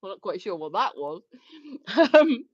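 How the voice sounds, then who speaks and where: A woman's voice: mid-range voice, big pitch swings, measured pace, slightly rough, no room sound. A woman co-hosting a casual livestream, giggling often as she reads viewer comments aloud. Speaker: livestream co-host. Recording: dull lo-fi livestream audio.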